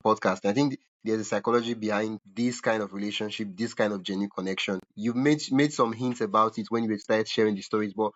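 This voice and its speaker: A man hosting a podcast, asking a question haltingly with many pauses. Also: on the low side, fairly even intonation, highs cut off. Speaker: podcast host. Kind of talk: interview questions.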